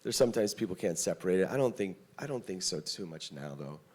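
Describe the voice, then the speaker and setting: A man rattles quickly through a fan story on a convention panel, his voice fairly low. He keeps quoting the other person and drops "you know" into every other line. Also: animated, darkish tone, breathy edge. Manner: chatty, quoting exchanges, many "you know"s. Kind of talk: casual panel anecdote.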